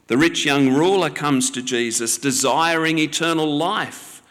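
A male preacher delivers a sermon at a very unhurried pace, leaving space between his phrases. His manner is measured and gently instructive. The voice carries a long reverb, as if it fills a large hall. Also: a little high.

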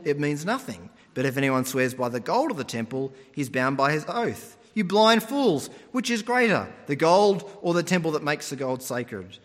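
Lively high-voiced male preacher in a hall. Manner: animated storytelling, mimics voices. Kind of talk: sermon. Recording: long hall reverb.

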